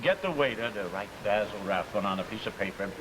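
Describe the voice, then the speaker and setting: An actor playing an exasperated, practical young husband in a vintage radio comedy, impatient and dry. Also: male voice, lowish voice, expressive, quick pace, lightly acted. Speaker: radio sitcom character. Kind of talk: 1950s radio comedy acting. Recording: hissy vintage radio recording.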